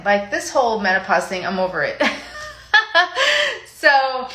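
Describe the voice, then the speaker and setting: A woman's voice: mid-range voice, expressive, measured pace, pauses often, a bit bright, echoey room. A woman in her fifties, a fitness coach, talking in a chatty, emotional, rambling way on a casual live video.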